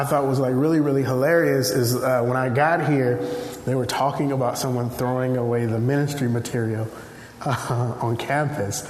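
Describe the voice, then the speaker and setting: A man from Nigeria, preaching a sermon in an animated storytelling way and acting out voices. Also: mid-range voice, slight background noise. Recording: echoey hall, faint ambience.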